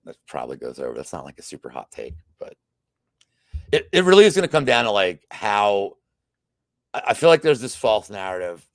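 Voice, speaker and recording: A man's voice: low voice, no room sound, studio quality. A man hosting a betting podcast, chatting casually through fight picks with rambling restarts and profane asides. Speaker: sports betting podcast host.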